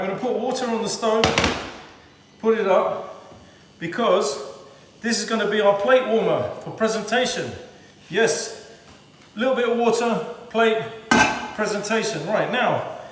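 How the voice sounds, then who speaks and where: A man's voice: high voice, noisy background. A man cooking at home who talks to the camera in a chatty way and repeats his words as he works. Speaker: home cook. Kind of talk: casual cooking demonstration. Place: home kitchen. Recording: echoey kitchen from far off.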